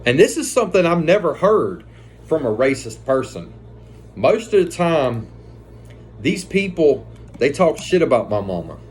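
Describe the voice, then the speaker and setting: A man's voice: on the high side, big pitch swings, unhurried, darkish tone, a little hiss or hum. A man telling a personal story in a casual, conversational way, swearing freely and retelling the events with animation.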